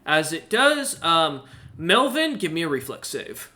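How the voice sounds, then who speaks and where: A man narrates a tabletop game as game master, his voice bright and a touch high. He builds the scene in a halting way, leaning on ums and uhs as he goes. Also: sing-song.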